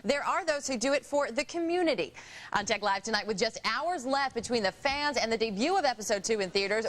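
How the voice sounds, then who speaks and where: A woman's voice: fairly high pitch, fairly bright tone, a little hiss or hum. A woman presenter reading a preview of tonight's tech show, then joking with the host. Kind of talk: scripted TV preview read. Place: TV studio.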